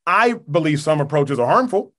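A young man guest on a podcast, making his case in a measured, earnest way with precise wording. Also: a little high, big pitch swings, a bit bright. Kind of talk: casual debate.

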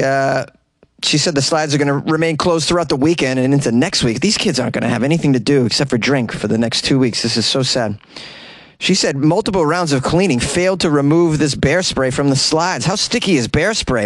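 In a small closet, a medium-pitched man runs a comedy news podcast, animatedly riffing on bizarre stories with plenty of sarcasm. He breaks into mocking voices, and there's no room sound.

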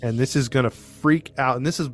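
Male host, mid-pitched, loose conversational storyteller who rambles through a case. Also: fairly quick, faint music behind. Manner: rambling, filler-heavy, restarts often. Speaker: podcast host telling a true-crime story. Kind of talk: casual storytelling to co-hosts.

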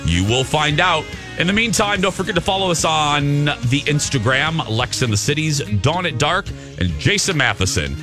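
A middle-aged man hosting a radio show, telling campy, sassy stories in a casual chat. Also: medium pitch. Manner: animated storyteller, campy and sassy. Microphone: studio mic.

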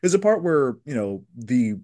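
A man's voice: mid-range voice, very animated, normal speed, warm tone, dry recording. Sarcastic man mocking a film. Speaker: podcast co-host. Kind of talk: casual film-review chat.

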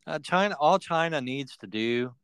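A man with a smooth, resonant voice at an ordinary pitch hosts a casual political talk show. He speaks bluntly, backing up his guest with quick agreement. The recording is dry and close. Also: expressive, fairly bright tone, dry recording. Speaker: podcast host.

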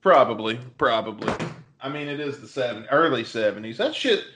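A man's voice: medium pitch, expressive, brisk, noisy background. A man co-hosting a casual comedy podcast, joking and swearing freely. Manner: profane, joking, slips into a put-on Boston voice for stories. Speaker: podcast co-host.

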